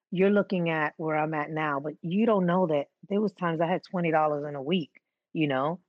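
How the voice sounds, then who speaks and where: A woman's voice: deep voice, darkish tone, no echo, muffled recording. A woman who works as a midwife, telling her story earnestly and from the heart in a casual interview.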